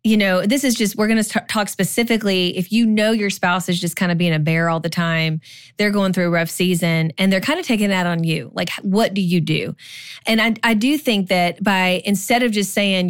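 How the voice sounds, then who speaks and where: A woman's voice: on the low side, smooth, no echo, clean studio sound. A woman in her forties co-hosting a podcast, giving casual marriage advice in a chatty way, full of "like" and "you know". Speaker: podcast co-host.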